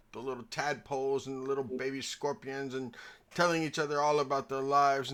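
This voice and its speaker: Theatrical man running a tabletop game. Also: fairly bright tone. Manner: theatrical, storytelling with shifting pitch. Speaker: game master. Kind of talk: narrating and voicing characters in a tabletop game.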